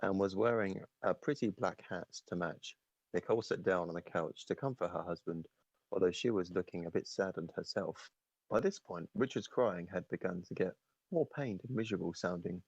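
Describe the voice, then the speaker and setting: A low-voiced man with a husky tone reads a story aloud offhandedly. He swears and loses his place, and the sound is dry and close. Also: moderate pace, a little mellow, no echo, lo-fi sound. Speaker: podcast co-host reading stories aloud. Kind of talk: casual comedic read-aloud chat.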